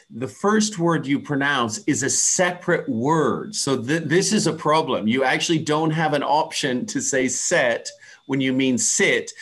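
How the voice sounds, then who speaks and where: A man from the USA teaches English pronunciation over a video call. His voice sits a little high, and he explains in a patient, measured way. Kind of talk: answering questions in an online class.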